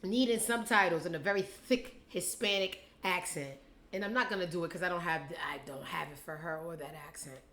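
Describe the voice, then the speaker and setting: Woman host, casual gossip chat, profane, animated, bright, echoey room. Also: on the low side, fairly quick. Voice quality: animated, profane, acts out quotes in mocking voices.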